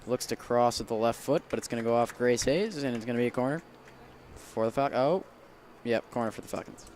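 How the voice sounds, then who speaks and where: A man's voice: medium pitch, darkish tone, a little hiss or hum. Young man calling a soccer game. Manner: casual, quick calls that rise with the action. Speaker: play-by-play commentator. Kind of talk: amateur sports commentary. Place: outdoors at a high school soccer field.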